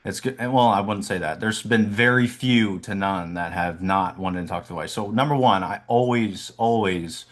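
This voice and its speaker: A young insurance agent explains how he works his phone calls in a casual, unhurried chat. His voice is low and relaxed, with a chill delivery. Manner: low, laid-back and chill.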